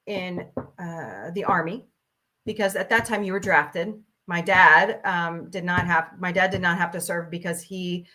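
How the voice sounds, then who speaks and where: A woman's voice: mid-range voice, bright, forceful tone. A woman in her forties hosting a casual talk stream, ranting bluntly and profanely, laughing often. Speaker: host.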